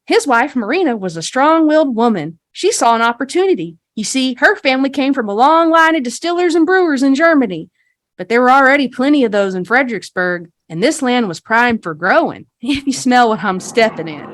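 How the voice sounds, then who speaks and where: Lady doing a perky shop gal, singsongy folksy tour spiel, kinda high. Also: animated, brisk, fairly bright tone, dry recording, clean studio sound. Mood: salesy cheerful. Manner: sing-song rehearsed tour spiel, folksy. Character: chirpy small-town Texas shop lady, middle-aged woman.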